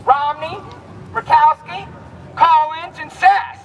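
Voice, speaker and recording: A man's voice: very high voice, steady tone, slow, distant mic, muffled recording, noisy background. A man from Texas giving a rousing, repetitive outdoor protest speech at a rally. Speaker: rally speaker.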